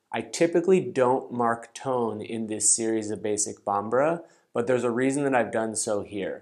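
A man gives a scripted online language lesson in a clear, methodical voice. His pitch sits in the middle range for a man. He repeats each example word slowly and carefully, recorded close to the mic as a voice-over. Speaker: language teacher.

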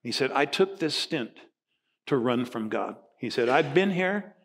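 A man's voice: mid-range voice, lively intonation, unhurried, a bit bright, slightly rough. An older man in his sixties, a pastor from Nova Scotia, telling a story in a sermon and acting out the voices of the people in it. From Nova Scotia, Canada.

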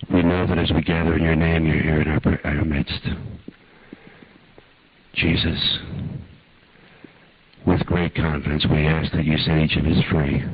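Very deep husky older man preaching. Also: no echo, highs cut off. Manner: slow, intimate, earnest guided prayer. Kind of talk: sermon with guided prayer meditation.

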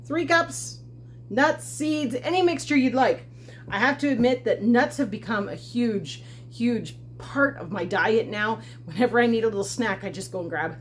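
In her home kitchen, a homesteading channel host casually walks through a recipe, chatting and making light of herself. Her pitch is fairly high and her pace moderate, and the recording carries a little hiss or hum.

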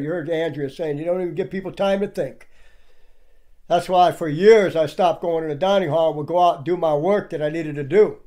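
Indignant preaching man, high voice. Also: warm tone. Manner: indignant, rhetorical questions. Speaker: online commentator. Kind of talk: preachy commentary over clips.

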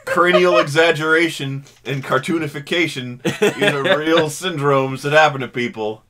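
Deadpan wordy male co-host. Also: fairly high pitch, moderate pace. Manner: dry, wordy deadpan riffs. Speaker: podcast co-host. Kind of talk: casual comedic banter.

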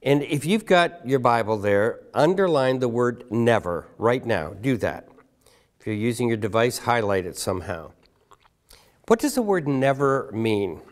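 A male pastor delivers a sermon to his congregation, his pitch rising and falling in wide, animated swings. He drops his pace to press on key words and keeps asking the listeners questions directly. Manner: emphatic, rhetorical questions to congregation; slows down to stress key words. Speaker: guest pastor.

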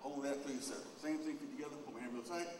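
A man giving a casual live demonstration talk to an audience, directing volunteers and getting animated as he tells stories. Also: mid-range voice, fast talker. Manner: gets loud and animated in stories. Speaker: opening speaker at a lecture. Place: large echoing hall. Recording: echoey hall, distant mic, background noise.

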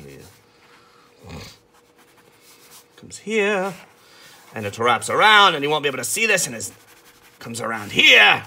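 Brief: artist narrating his sketch in a lively, sharp, husky voice. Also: medium pitch, measured pace, long pauses. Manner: chatty, self-amused, talks while sketching. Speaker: artist teaching drawing. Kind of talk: casual drawing tutorial chat.

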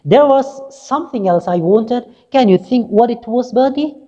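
A woman's voice: a little high, lively intonation, moderate pace, mellow, pitched above the performer's own voice, close to an everyday voice. A woman voicing a fretful, strict mother who nags her son with repeated orders, on a dull lo-fi recording. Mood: bossy.

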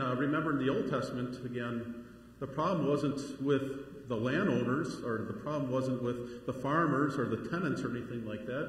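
A man's voice: medium pitch, slight background noise. Man preaching, middle-aged, chatty asides, very echoey church sanctuary, long hall reverb. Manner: conversational preaching with frequent asides and rising emphasis. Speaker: pastor. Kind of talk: sermon.

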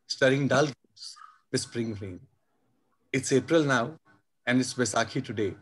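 A man, hosting an online session and closing it with formal thanks, warm and full of praise. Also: mid-range voice. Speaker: host of the session.

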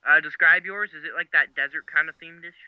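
A young man chatting excitably while gaming, rambling and losing his train of thought. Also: a little high, quick pace, clear, resonant tone, dry recording. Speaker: gamer playing with a friend. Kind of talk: casual gaming chat over voice call. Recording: dull lo-fi mic with faint hiss.

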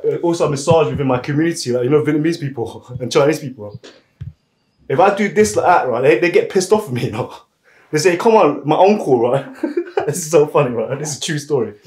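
A man's voice: on the high side, darkish tone, roomy sound, low-quality recording. A man working as a massage therapist, chatting casually and laughing often while he massages. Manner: laughs often, loose slangy storytelling.

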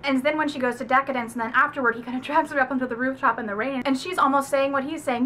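A woman's voice: high voice, steady tone, very fast, hardly any pauses, a bit bright, slight background noise. A young woman giving a casual, gushing book review, talking emphatically and swearing freely.

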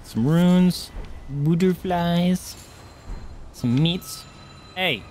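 A high-voiced man talks extremely slowly during a live gameplay stream, with a little hiss or hum in the audio. He's excitable, yelping and cursing at enemies, and chattily thanks viewers by name.

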